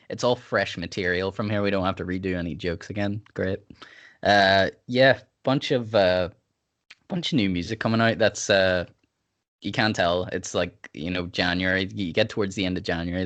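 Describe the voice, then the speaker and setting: A man's voice: low voice, fairly bright tone. A man hosting a podcast in a rambling, laid-back chat, sipping whiskey. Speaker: podcast host. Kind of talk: casual chat.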